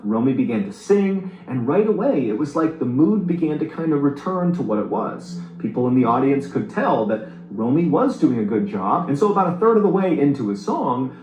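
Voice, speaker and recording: A man's voice: mid-range voice, a little mellow, reverberant, rough recording. A man narrating a true story in a scripted storytelling style, building suspense. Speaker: narrator of the reacted video.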